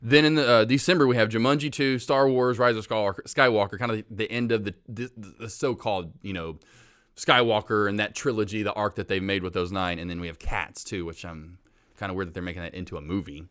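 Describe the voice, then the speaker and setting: A man from the American South co-hosting a podcast in casual chat, laughing often and swinging between loud and soft. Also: on the low side, steady tone, quick pace, clear, resonant tone. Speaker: podcast co-host.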